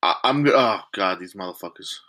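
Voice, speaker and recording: A man's voice: sits low, lively intonation, fairly quick, bright, forceful tone. A man in loose, casual podcast chat with his co-host. He swears freely and talks bluntly, and he gets worked up easily. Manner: blunt, profane, easily riled.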